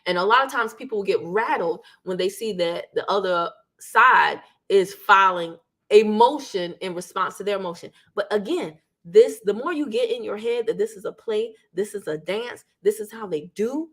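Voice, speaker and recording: A woman's voice: mid-range voice, lively intonation, normal speed, a bit bright. A woman hosting a legal commentary channel, talking casually to her viewers and acting out what the people in court said. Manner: chatty, addresses viewers as "y'all", acts out quotes.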